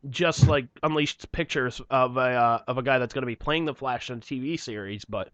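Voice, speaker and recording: A young man co-hosts a casual podcast chat, speaking fairly quickly in a mid-range voice with a fairly bright tone. He swears freely and acts out the people in his stories. The recording is dry, captured on a dull lo-fi podcast mic.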